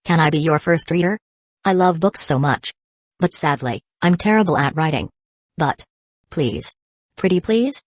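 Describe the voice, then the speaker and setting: A woman's voice: low voice, normal speed, no echo, clean studio sound. Woman voicing a bubbly bookish girl. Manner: eager, bright.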